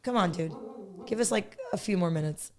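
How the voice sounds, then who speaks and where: A woman's voice: lowish voice, a little fast, darkish tone. A woman in her thirties, a podcast guest, telling her story bluntly and candidly, laughing often.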